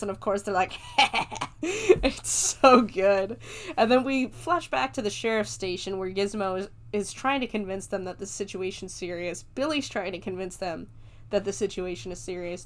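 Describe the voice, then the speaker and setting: A woman hosting a podcast, retelling a film in casual, chatty talk, laughing often and swearing freely. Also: medium pitch. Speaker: podcast host. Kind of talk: casual movie review chat.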